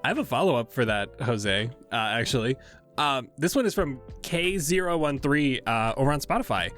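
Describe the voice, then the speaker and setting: A male podcast host with a mid-range voice, reading out listener questions and thanking the cast warmly. He talks casually and friendly, with soft music in the background. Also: medium pitch, lively intonation, moderate pace.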